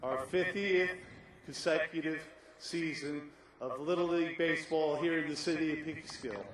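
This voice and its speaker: A man, out of breath, loudly welcoming a crowd as league president at an outdoor ballfield. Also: a little high, steady tone, normal speed. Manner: loud, enthusiastic announcing. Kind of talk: welcoming speech over a PA. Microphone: PA microphone heard from afar. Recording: very echoey PA from far off, noisy.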